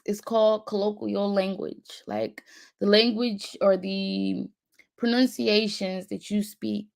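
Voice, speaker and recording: A woman with a Philadelphia accent chats loosely on her live stream and calls out viewers in the chat by name. Her voice has a gravelly edge in an easy middle register. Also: medium pitch.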